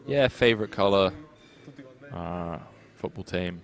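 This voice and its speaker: Very deep-voiced British co-host joking. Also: male voice, unhurried. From United Kingdom. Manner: joking banter, reads chat messages aloud. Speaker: poker stream co-commentator. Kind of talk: casual stream banter.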